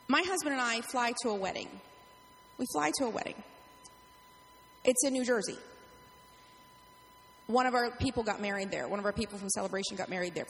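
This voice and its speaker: A middle-aged woman pastor telling a story in a sermon, acting out the quotes with lively animation. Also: fairly high pitch. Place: church sanctuary. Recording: echoey hall, faint hum.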